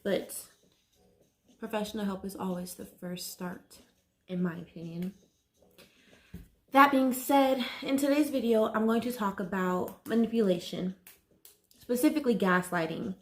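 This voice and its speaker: A woman vlogger talking to camera about mental health, nervous and slow, halting often and saying "like" a lot. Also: mid-range voice, steady tone. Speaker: wellness vlogger. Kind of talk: casual talk to camera.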